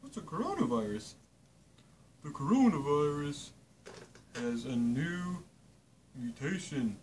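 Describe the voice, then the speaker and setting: A man's voice: a little high, big pitch swings, slow pace, darkish tone, a little hiss or hum. A man acting out a playful toy story, repeating lines and gasping with surprise. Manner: repeats lines back, gasps and exclaims. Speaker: storyteller voicing toys. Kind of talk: playful toy role-play.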